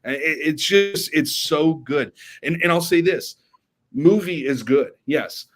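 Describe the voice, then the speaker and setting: A young man and girl dad co-hosts a casual podcast chat, speaking unhurriedly in a voice on the high side. He's enthusiastic and now and then breaks into snatches of song.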